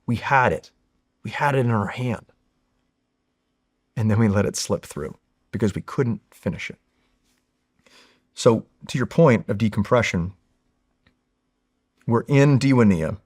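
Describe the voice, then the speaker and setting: A man in his forties, a Marine veteran, telling stories in a casual, candid, animated way with frequent fillers and swearing. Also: on the low side, a little slow, long pauses. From California. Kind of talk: casual storytelling in a long-form interview.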